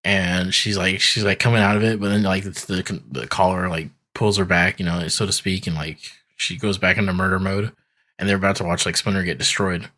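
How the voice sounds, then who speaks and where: A man co-hosting a podcast, recapping a cartoon episode in a relaxed, rambling way and acting out the characters' lines. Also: low-pitched, fairly quick. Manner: laid-back storytelling, acts out characters in quotes. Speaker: podcast co-host. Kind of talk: casual recap chat.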